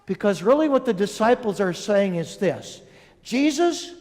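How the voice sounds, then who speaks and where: A man's voice: high voice, sing-song, a little slow, darkish tone. A man preaching a homily in a conversational way, speaking directly to his congregation. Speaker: priest. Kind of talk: sermon. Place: large church. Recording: long church reverb.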